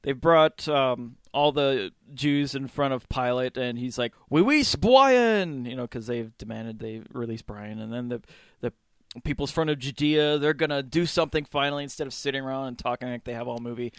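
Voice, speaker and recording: A man co-hosting a casual chat, laughing often and acting out movie scenes in quick voices. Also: medium pitch, steady tone, smooth, no echo, studio quality. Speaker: podcast co-host; religious studies student.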